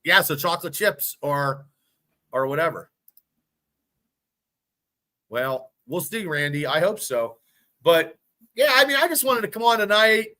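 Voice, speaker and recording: Man in his 50s, podcast co-host, high bright voice, rambling and profane. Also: animated, a little slow, long pauses. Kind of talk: casual sports podcast chat.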